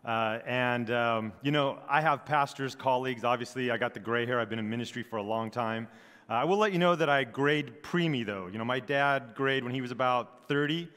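A middle-aged man from Southern California, a pastor opening a sermon in a relaxed, joking way with many fillers. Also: medium pitch, brisk, clean tone. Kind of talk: sermon introduction. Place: church sanctuary. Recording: long church hall reverb.

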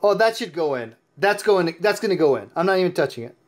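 A man with a notably high voice talks through a mobile football game in casual commentary. He sounds sleepy and worn out, but he stays chatty and excitable and laughs a lot. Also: quick pace. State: tired and sleepy. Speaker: mobile game player and YouTube host.

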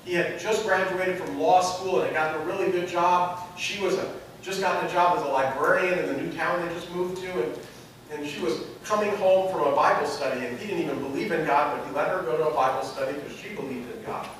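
Man, pastor, sermon, fairly high voice, very echoey sanctuary, distant mic. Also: brisk, a little hiss or hum. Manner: storytelling, builds to loud emphatic peaks. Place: church sanctuary.

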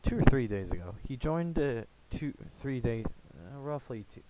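A young American man chatting casually in a rambling, halting way, full of fillers and restarts. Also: medium pitch, big pitch swings, very noisy. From United States. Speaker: gaming YouTuber. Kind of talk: casual rambling vlog chat.

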